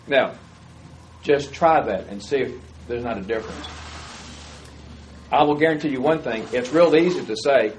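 A man's voice: mid-range voice, moderate pace, pauses often, slight background noise, low-quality recording. A man preaching a sermon in a conversational way, often putting questions to his listeners. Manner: conversational, asks the audience questions.

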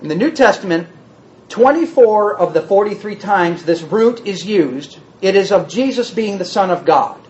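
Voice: medium pitch, expressive, moderate pace, a little mellow, dull audio. A Bible teacher giving a word-study lesson, reading verses aloud and then restating them in plain words.

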